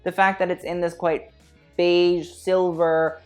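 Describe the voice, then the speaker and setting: A woman's voice: on the low side, flat delivery, takes it slowly. A woman giving casual fashion commentary, blunt and opinionated with a slangy way of talking, with faint music behind. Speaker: fashion critic vlogger.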